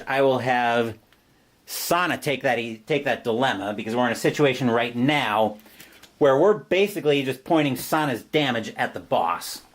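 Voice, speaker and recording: A man playing a board game on his own and explaining each move step by step. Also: medium pitch. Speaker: solo board game player. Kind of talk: board game playthrough commentary.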